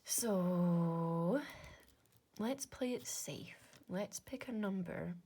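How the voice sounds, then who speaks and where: A woman's voice: fairly low pitch, drawn-out words, dark tone, husky. A young Scottish woman with an Inverness accent, working through maths aloud in a casual way and muttering to herself between half-whispered asides. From Scotland. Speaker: maths content creator.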